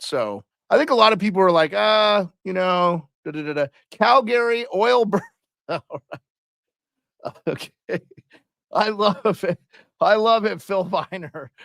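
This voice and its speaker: A man's voice: on the high side, vocal fry, fairly bright tone, dry recording, studio quality. A man hosting a casual live hockey stream, chatting loosely and calling out viewers and their locations. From Canada.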